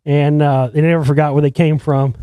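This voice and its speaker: Man, fairly high voice, dry recording, casual, profane, rambling anecdote. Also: level tone, a little fast, warm tone, dry recording. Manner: profane, rambling, with many restarts. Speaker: filmmaker telling a story. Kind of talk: casual storytelling.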